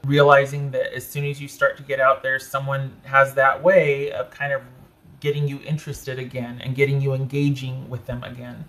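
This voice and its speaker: A man giving a casual tarot reading, talking in a chatty way with animated asides and frequent self-interruptions. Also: medium pitch, normal speed. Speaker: tarot reader.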